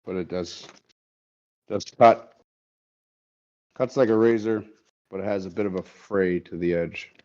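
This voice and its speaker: A man hosting a livestream while sharpening knives, talking in an easygoing, halting way. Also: sits low, fairly even intonation, darkish tone, lo-fi sound. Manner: easygoing, halting, many fillers. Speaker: knife sharpener and stream host. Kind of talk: casual livestream chat.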